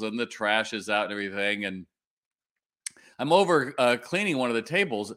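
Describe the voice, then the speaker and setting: A man's voice: medium pitch, bright, forceful tone. A man in his sixties hosting a live webinar, chatting directly with his viewers while he tells a story. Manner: chatty, addresses the audience directly. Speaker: retail consultant hosting a webinar.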